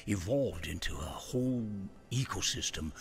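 A deep, calm game narrator. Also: male voice, moderate pace, gravelly. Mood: reflective.

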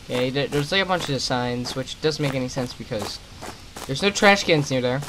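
A young gaming commentator, sweary and irritated, delivers let's play commentary full of sarcastic asides. His mid-range voice moves at normal speed over background noise.

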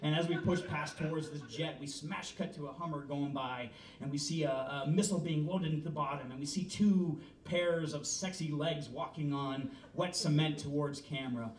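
A man from Canada, a film director, pitching a story to an audience in a loose, joking, casually swearing way. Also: moderate pace. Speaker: film director giving a talk. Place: presentation room. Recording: roomy, from far off, faint rumble.

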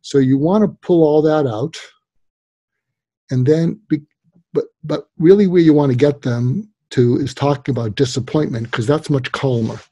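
Husky, warm-voiced man giving emphatic advice. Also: on the high side, moderate pace, no echo. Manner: emphatic, animated, many "you know" fillers. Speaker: guest psychologist and author. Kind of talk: interview, explaining advice.

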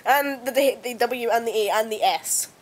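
A woman's voice: on the high side, normal speed, a crowd in the background. A young woman chatting casually and teasingly at home for her vlog. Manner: playful, teasing, giggly. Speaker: vlogger. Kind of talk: casual chat.

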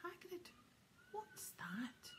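A woman's voice: very high voice, wildly swooping pitch, extremely slow, a bit bright, voice pushed up, full character voice. A woman voicing a curious, anxious young boy wizard in a whispered role-play.

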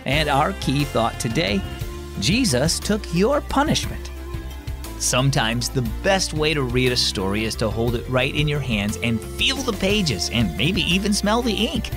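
A man's voice: fairly high pitch, big pitch swings, unhurried, over music. A man hosting a children's devotional program, narrating scripted stories in an upbeat, friendly way. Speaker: host.

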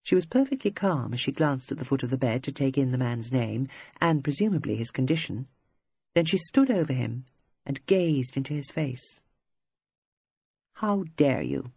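An audiobook narrator reading scripted literary prose in a measured, even manner. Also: mid-range voice, gravelly, breathy edge, dry recording.

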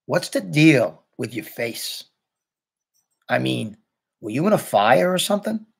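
A man's voice: mid-range voice, very animated, measured pace, vocal fry, husky, exaggerated voice. A man voicing a sarcastic young schoolboy who taunts and mocks in a raised, pointed voice. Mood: prying. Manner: taunting, mocking. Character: snide sarcastic schoolboy, about ten.

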